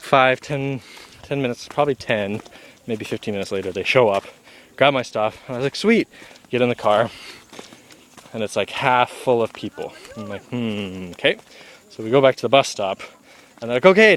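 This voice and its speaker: A man's voice: mid-range voice, steady tone, brisk, a little hiss or hum. Laid-back young man telling a travel story. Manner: laid-back, full of "like" and acted-out quotes. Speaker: travel vlogger. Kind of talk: casual storytelling.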